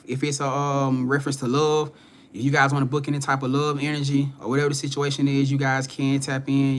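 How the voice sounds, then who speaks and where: A man's voice: a little high, fairly bright tone. A young man hosting a spiritual reading live stream, talking loosely in slang, greeting viewers by name and swearing now and then. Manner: laid-back slangy talk, greeting viewers by name, frequent swearing and laughs. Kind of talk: casual live-stream chat.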